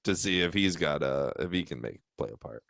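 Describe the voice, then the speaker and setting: A man co-hosting a casual podcast, excitable and calling everyone "dude.". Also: low-pitched, a little fast, vocal fry, dry recording, clean studio sound. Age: adult parent. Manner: excitable, says "dude" a lot, swears casually. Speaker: podcast co-host. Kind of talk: casual chat.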